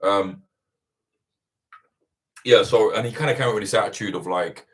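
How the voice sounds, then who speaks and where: This is a man with a lowish voice, hosting a casual livestream Q&A. He rambles through answers with animated energy and swears freely as he goes. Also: moderate pace. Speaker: host of livestream Q&A.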